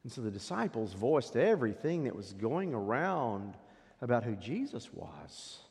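A pastor preaching a sermon, swinging dramatically between loud declarations and hushed asides. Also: male voice, mid-range voice, big pitch swings, a little slow. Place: church sanctuary. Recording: long reverb of a church hall.

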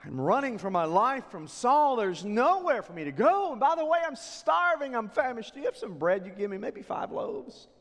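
A man plays a worn-out young fugitive begging for food, breathless and pleading, his voice leaping high and low. Long reverb from a large hall trails each phrase. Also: big pitch swings, moderate pace, few pauses, a bit bright, full character voice. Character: young male fugitive, exhausted and hungry.

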